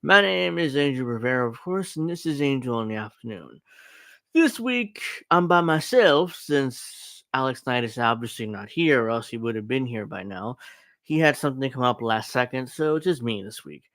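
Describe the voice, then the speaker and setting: A man's voice: medium pitch, expressive, normal speed, a bit bright, no echo. A man hosting his show alone, chatting casually and rambling with lots of fillers as he sets up a clip. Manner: rambling, with many fillers and asides. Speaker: podcast host. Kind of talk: casual solo commentary.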